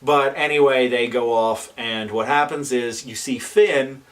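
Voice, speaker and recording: A man giving a casual spoken film review, animated and exasperated, with lots of fillers and restarts. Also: mid-range voice, a little slow, recorded from a distance.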